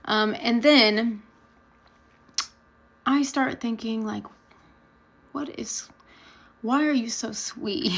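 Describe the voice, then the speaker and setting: A woman's voice: on the high side, slow pace, gravelly, pauses often, rough recording. A woman vlogger chatting candidly and bluntly as she tells a personal story, laughing now and then. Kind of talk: casual storytelling to camera.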